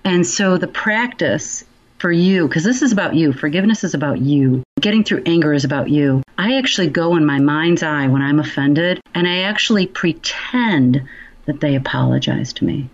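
A woman with a low voice talks through a story with lively, snarky expression. She acts out what other people say. The recording sounds slightly muffled and lo-fi. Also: moderate pace. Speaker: podcast guest, forgiveness trainer. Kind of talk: animated storytelling interview.

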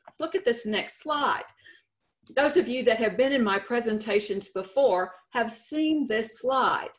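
A woman with a Texan accent giving a conference presentation with slides, explaining slowly and deliberately, stretching out example words. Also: fairly high pitch. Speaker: state contest director presenting. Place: conference session room.

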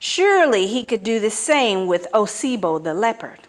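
A woman reading a folk tale aloud, with expressive, dramatic storytelling. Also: medium pitch, moderate pace.

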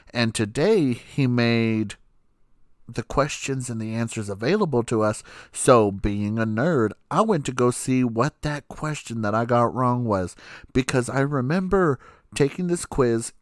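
A man's voice: mid-range voice, no echo, studio quality. A young adult man hosting a podcast, telling a story in a casual, sassy and profane way, laughing often. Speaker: podcast host.

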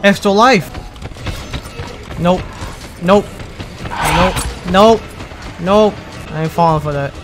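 An excitable man narrates his game playthrough in a high voice, drawling slowly between sudden yelps. Game music plays clearly behind him. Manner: excitable, yelping and pleading. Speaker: gamer.

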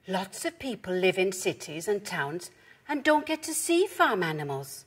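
A woman's voice: mid-range voice, sing-song, normal speed, husky. A woman voicing a cheerful, knowledgeable female dog who explains things to her friend. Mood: explaining. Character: eager bossy female dog, knows everything.

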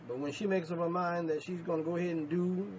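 A male pastor preaching a sermon, emphatic, repeating himself and rising to sudden loud peaks. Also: on the high side, steady tone, quick pace, slight background noise, low-quality recording.

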